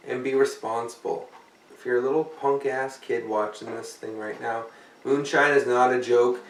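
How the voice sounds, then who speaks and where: A tired vlogger with a mid-range voice rambles, yawns, and cracks profane jokes. He sits somewhat far from the mic in an echoey room, with slight background noise.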